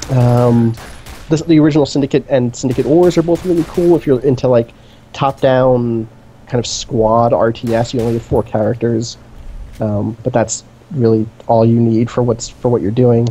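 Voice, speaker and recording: A man's voice: mid-range voice, fairly even intonation, moderate pace, dark tone, breathy edge. A man co-hosting a gaming stream, talking in a casual, enthusiastic, rambling way with lots of fillers. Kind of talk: casual chat. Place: indoor streaming setup.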